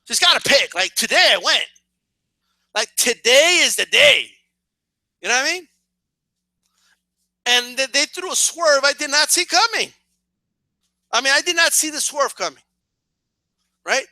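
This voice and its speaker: A man in a casual comedic rant, profane and animated, who keeps asking "right?" to his listeners. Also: very high voice, unhurried, pauses often, no room sound. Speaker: vlogger.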